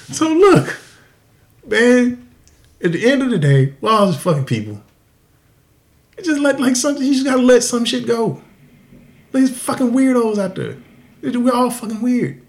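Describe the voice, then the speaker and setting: A man hosting a podcast, telling a crude story in a profane, animated way and laughing often. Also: very high-pitched. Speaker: podcast host. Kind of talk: casual storytelling.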